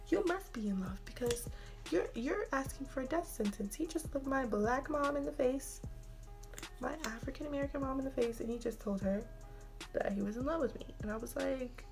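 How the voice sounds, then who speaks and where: A woman's voice: high voice, moderate pace, music in the background. A young adult woman telling a casual storytime vlog, chatty and full of fillers, sometimes dropping into a whisper. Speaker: vlogger.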